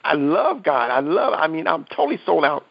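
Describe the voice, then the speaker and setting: Man guest, gravelly, slightly high voice, earnest testimony, dull lo-fi recording. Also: big pitch swings. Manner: earnest, halting with restarts. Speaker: guest telling a near-death story. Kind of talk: emotional testimony.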